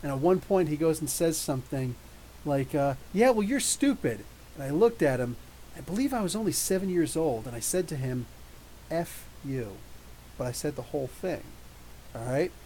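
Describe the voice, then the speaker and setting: Man, podcast host, rambling animated storyteller, slightly high voice, faint hiss. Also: brisk, low-quality recording. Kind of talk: casual live chat reading viewer questions.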